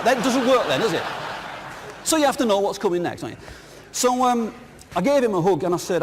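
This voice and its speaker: This business speaker from the north of England has a high-pitched, very animated delivery at a fairly quick pace, with some background noise present. He tells jokes and stories and asks the crowd questions during his conference talk. The sound comes from a clip-on mic in a large, reverberant hall with an audience.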